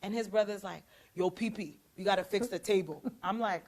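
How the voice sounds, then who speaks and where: A young woman hosting a faith talk show, telling a story from her own life. She acts out what each person said with animated emphasis, and her voice sits at a middle pitch. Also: fairly quick. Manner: animated, acts out quoted lines. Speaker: prophetess and show host. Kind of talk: storytelling in casual chat.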